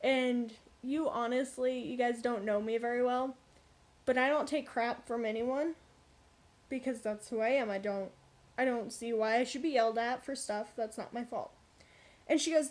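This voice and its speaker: A young woman vlogger telling a workplace story in a casual, animated, blunt way. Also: sits high, moderate pace. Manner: animated, blunt, frequent swearing and asides.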